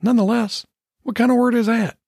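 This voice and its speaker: A man's voice: very high voice, steady tone, fairly quick, creaky, a little mellow, husky, dry recording, studio quality, voice pushed up, full character voice. A man voicing a big, unafraid male orange cat with a Southern sheriff's accent and indignant backtalk.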